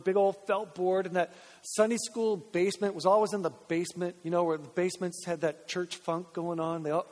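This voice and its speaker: Inside a church sanctuary, with the reverb of the hall audible, a Canadian pastor gives a conversational sermon, tossing in jokes and performing lines of dialogue. His voice is high and a little mellow.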